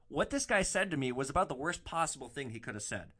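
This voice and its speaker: A man hosting a storytelling podcast with a dry, sarcastic edge. His pitch moves around a lot as he recounts events, keeping a deadpan wryness. He sits at a middle pitch for a man. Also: a little fast. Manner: wry, deadpan, dryly sarcastic. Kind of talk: first-person storytelling podcast.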